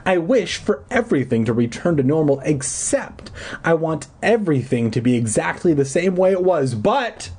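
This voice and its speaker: A man's voice: big pitch swings, normal speed, darkish tone, husky. A man voicing an eager young schoolgirl in a raised, breathless voice. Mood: hesitant. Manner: high and breathless.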